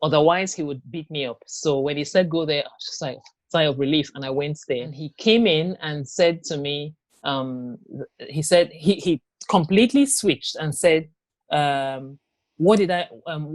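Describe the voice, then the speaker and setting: Interview guest, a woman with a low pitch, telling her story haltingly in a dry, close recording. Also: lively intonation, darkish tone, dry recording. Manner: halting, hesitant, many fillers and restarts. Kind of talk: personal testimony in an interview.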